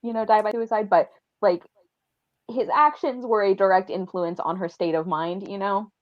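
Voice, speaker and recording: A woman co-hosting a casual book club livestream, talking in an animated way with lots of laughter and "like" fillers. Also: medium pitch, normal speed, no room sound, lo-fi sound.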